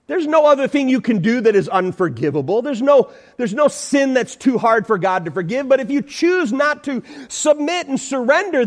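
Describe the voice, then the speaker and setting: A man preaching a sermon as pastor in a church, emphatic, repeating phrases and calling out to the congregation. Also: very high-pitched.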